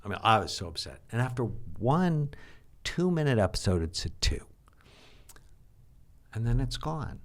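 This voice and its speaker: An older man, a psychiatrist, explaining and telling stories in an animated, teacherly way during an interview. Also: medium pitch, normal speed, long pauses. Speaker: psychiatrist guest. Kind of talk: interview conversation.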